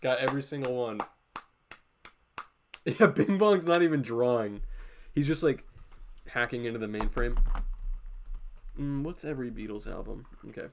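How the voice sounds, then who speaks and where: A man's voice: medium pitch, lively intonation, normal speed, pauses often, a little hiss or hum. Chatty playful man streamer. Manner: playful, chatty, laughs often. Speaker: streamer, drawing teacher. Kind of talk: casual live-stream chat while drawing.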